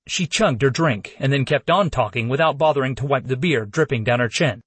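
Husky male narrator, casual first-person fantasy read, dry sound. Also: mid-range voice, moderate pace, few pauses, no room sound. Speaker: audiobook narrator.

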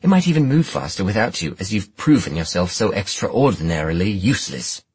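A man voicing a proud, sharp-tongued young woman detective with a clipped, scornful delivery in an audiobook. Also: mid-range voice, expressive, normal speed, husky, no room sound, pitched above the performer's own voice. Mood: cold, cutting. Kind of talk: audiobook character voice.

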